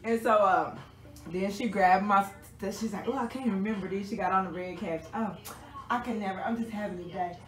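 Woman, animated sarcastic storyteller, recorded from across an echoey room with faint music. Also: medium pitch, brisk. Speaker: vlogger. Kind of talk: casual storytelling to a friend. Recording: roomy, distant mic.

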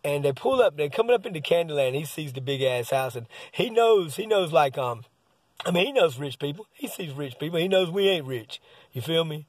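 A man's voice: on the high side, lively intonation, a little fast, no echo. A man, rambling and swearing casually as he tells a story about his son. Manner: rambling, profane, keeps saying "man". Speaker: father telling a story.

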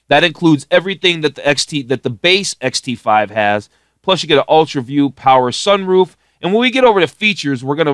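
A man walks through a car website in a relaxed, off-the-cuff way, trailing into fillers and restarting his sentences. His voice sits at a middling pitch for a man, and the recording is close and dry with no room sound. He drops opinionated asides as he goes. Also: no room sound. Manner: thinks aloud with many fillers and restarts. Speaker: car reviewer. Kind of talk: casual screen-share walkthrough.

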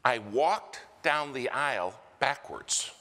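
Speaking slowly in a bright, forceful, medium-pitched voice, an American man animatedly preaches a sermon, narrating a story and voicing its characters. The church sanctuary gives the recording a hall-like reverb.

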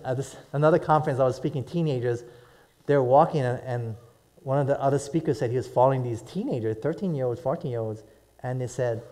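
A man's voice: medium pitch, a little mellow. A middle-aged male pastor preaching to a live congregation, telling stories animatedly and asking "right?" and "amen?" often. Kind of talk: sermon.

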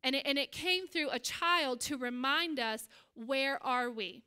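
A middle-aged woman pastor giving a sermon as an animated storytelling preacher. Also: sits high, measured pace. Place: church stage.

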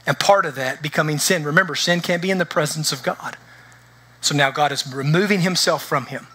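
A man preaches in church with a fairly high voice and a forceful, bright edge. His delivery is conversational and engaging, and he keeps asking the congregation whether they follow him. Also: fairly quick, husky. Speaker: pastor. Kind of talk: sermon.

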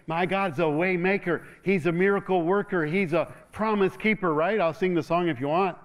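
Energetic call-and-response preacher, a man. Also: a little high, brisk. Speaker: pastor. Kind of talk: sermon.

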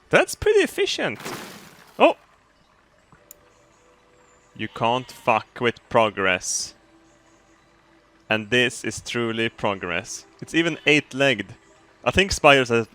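A man talks through his gameplay in an excitable, giggly way, swearing freely. His voice is bright and edgy, sits a little high and swings wildly in pitch. He speaks slowly, drawing out his words. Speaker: gamer. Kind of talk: gameplay commentary.

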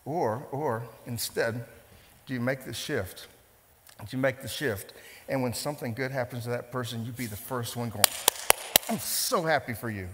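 A man's voice: medium pitch, steady tone, normal speed, in a large hall, noisy background. A man preaching a sermon, emphatic, repeating phrases and putting questions to the congregation. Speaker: pastor.

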